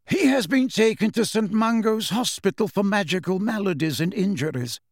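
A commanding elderly wizard headmaster, as a male audiobook reader puts him on, measured and authoritative. The voice sits high and lively in pitch, close and dry. Storybook narration. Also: no room sound. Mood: grave, urgent. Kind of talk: audiobook character voice.

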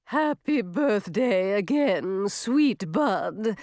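A woman's voice: medium pitch, animated, drawn-out words, darkish tone, no room sound, studio quality. A woman voicing a doting, motherly fairy who speaks sweetly and coaxingly. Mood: fond.

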